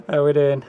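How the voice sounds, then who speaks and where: A man's voice: fairly high pitch, creaky, clear, resonant tone, narrow, tinny audio. Male streamer musing over gameplay. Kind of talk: live gameplay commentary. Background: game sound and music.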